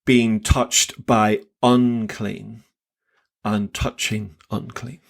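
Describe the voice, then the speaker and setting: An older man co-hosting a Bible podcast, talking excitedly in halting bursts, repeating words as he goes. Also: on the low side, gravelly. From England. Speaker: podcast co-host. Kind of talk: casual Bible discussion.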